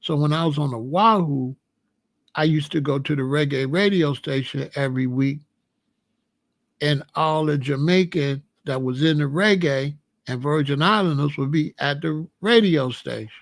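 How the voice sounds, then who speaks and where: A middle-aged American man with a fairly high, gravelly voice, heard close and dry. He hosts his own show and tells stories in a loose, animated way. He circles back over his own phrases as he talks. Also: normal speed, no echo. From United States. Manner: animated, rambling, repeats phrases. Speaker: host. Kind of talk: casual storytelling chat.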